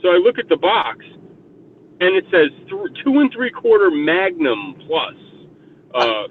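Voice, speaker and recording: Brief: lively man, crude rambling storyteller, tinny phone-like chat audio, faint hiss. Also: high-pitched, slow. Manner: animated, swears constantly, rambling. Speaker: voice chat participant. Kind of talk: casual profane storytelling.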